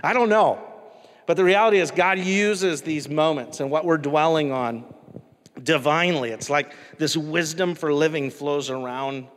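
A man's voice: on the high side, moderate pace. Conversational male pastor in a reverberant hall. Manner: casual, conversational, asks the congregation questions. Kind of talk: sermon.

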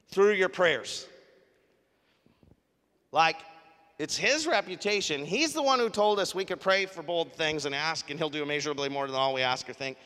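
Bright-voiced preacher in a reverberant hall. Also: male voice, on the high side. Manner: conversational storytelling, animated. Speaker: pastor. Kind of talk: sermon. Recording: live sermon in a reverberant hall.

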